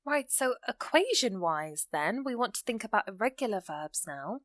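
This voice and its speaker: A woman explaining English grammar in a calm, patient way, at an ordinary middle pitch. She slows down to read her example sentences and leans on the words that matter. The sound is close and dry. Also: no echo. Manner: patient, reads example sentences slowly and stresses key words.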